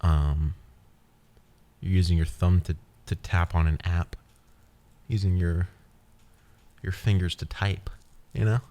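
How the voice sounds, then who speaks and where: A man's voice: deep voice, fairly even intonation, takes it slowly, long pauses, mellow. A man hosting a podcast, rambling playfully and guiding the listener through an imagined scene. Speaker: podcast host. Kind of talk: casual podcast monologue.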